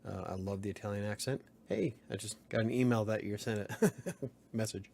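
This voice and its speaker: A man's voice: fairly low pitch, fairly quick, vocal fry, darkish tone, slight background noise. A man hosting a casual late-night livestream, rambling, chuckling and answering chat comments. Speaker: livestream host.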